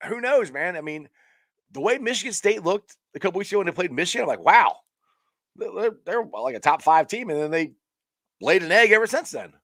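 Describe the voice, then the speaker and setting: A man hosting a casual live-stream sports chat. He rambles in an excitable way, with frequent restarts and laughs. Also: sits high, fairly quick, dry recording, studio quality. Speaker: sports talk show host.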